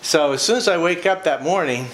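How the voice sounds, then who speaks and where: A man's voice: a little high, expressive, a little fast, a bit bright. An older man giving an informal devotional talk, telling personal stories in a chatty way with laughs and fillers. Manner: folksy, chatty storytelling with frequent laughs and fillers. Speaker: preacher. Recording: echoey room with faint ambient noise.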